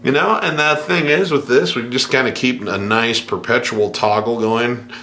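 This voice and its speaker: A man teaching a piano lesson, scatting rhythms in nonsense syllables to show the feel, relaxed and easygoing. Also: medium pitch, moderate pace. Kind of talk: music lesson with spoken rhythm demos.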